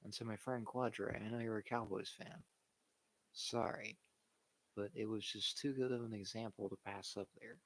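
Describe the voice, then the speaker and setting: A man's voice: fairly low pitch, steady tone, moderate pace, fairly bright tone. A man hosting a livestream, giving blunt, opinionated casual chat about wrestling and sports and swearing freely. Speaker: livestream host.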